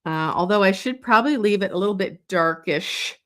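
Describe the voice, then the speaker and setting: A woman leading a live drawing lesson, talking slowly and thinking aloud as she sketches, with many pauses and fillers. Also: mid-range voice, expressive, fairly bright tone. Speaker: drawing instructor. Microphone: streaming setup.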